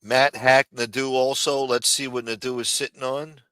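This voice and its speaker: A man's voice: mid-range voice, flat delivery, moderate pace, sharp tone, clear, resonant tone, no room sound, clean studio sound. A man hosting a live commentary stream, sarcastic, profane and mocking as he talks. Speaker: livestream host.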